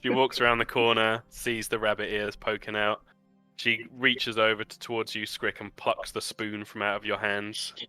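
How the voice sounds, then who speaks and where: A man narrates as game master in a bright, crisp voice, slipping into characters as he goes. The sound is close and dry, with soft music faintly underneath. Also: fairly low pitch, moderate pace, dry recording. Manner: lively narration, voicing several characters, laughs often.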